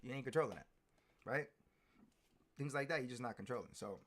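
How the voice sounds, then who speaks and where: Emphatic male streamer with a bright edge. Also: mid-range voice, a little fast, long pauses, a little hiss or hum. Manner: preachy and emphatic, repeats words, builds to shouting. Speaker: streamer giving a motivational talk. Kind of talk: motivational pep talk on a live stream.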